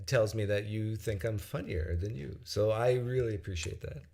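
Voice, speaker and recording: A man's voice: on the low side, moderate pace, gravelly, mellow. A man hosting a call-in show, bantering and teasing his guest. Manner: teasing, self-mocking banter. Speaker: host. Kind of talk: casual chat.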